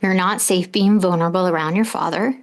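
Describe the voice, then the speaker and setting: A woman's voice: on the low side, steady tone, fairly quick. A middle-aged woman hosting a podcast, talking earnestly and directly and putting questions to her listeners. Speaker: podcast host and coach. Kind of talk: advice monologue.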